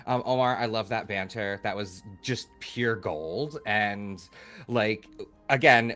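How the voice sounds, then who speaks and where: A man player thanks his fellow players after a tabletop campaign. He is bubbly and quick to laugh. He fills his talk with "like" and "um". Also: fairly low pitch, fairly even intonation, a bit bright, soft background music. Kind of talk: post-game wrap-up chat.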